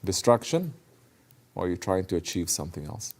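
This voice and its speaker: Low gravelly man giving a Sufi talk. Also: big pitch swings, fairly quick, a little mellow. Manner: conversational, asks listeners questions, searches for words. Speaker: Sufi teacher. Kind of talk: sermon.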